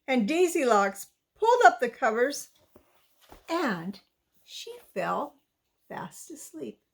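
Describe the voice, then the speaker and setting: Woman, high voice, very lively pitch, slow, children's story read-aloud, talks to the listener. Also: vocal fry. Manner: slow, lilting, asks the young listener questions.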